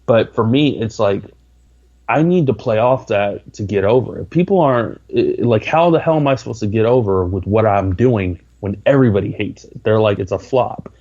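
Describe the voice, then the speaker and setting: A man's voice: lowish voice, normal speed, a little mellow, dull audio. A man talking as a podcast guest, rambling with lots of filler words. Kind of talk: casual interview talk.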